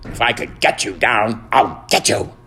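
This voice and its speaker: A man's voice: lowish voice, unhurried, fairly bright tone, soft background music, voice pushed up. A man voicing an irritable male terrier that yelps snappishly at a mouse, in a storybook reading. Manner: yelping and snappish.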